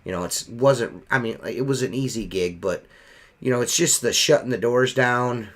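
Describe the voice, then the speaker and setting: A man's voice: mid-range voice, moderate pace, a bit bright. A middle-aged man who cleans windows, telling a heated, profane story in casual chat on a podcast.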